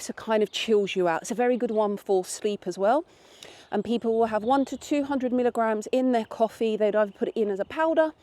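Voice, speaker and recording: A woman's voice: on the high side, a little mellow, dry recording. A woman vlogging in a candid, rambling way, with restarts, while out walking her dog. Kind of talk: casual chat. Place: outdoors on a path.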